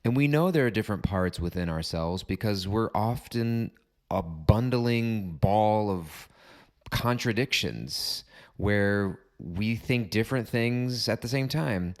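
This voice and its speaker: A man hosting a reflective solo podcast, talking calmly and deliberately in repeated parallel phrases. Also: fairly low pitch. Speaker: podcast host.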